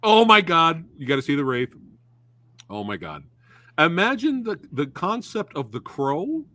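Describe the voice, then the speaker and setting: An excitable man hosts a casual movie review chat, full of slang like dude and bro. His voice swings widely in pitch and sounds bright and forceful. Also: measured pace, no echo. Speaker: host. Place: live stream, reading chat.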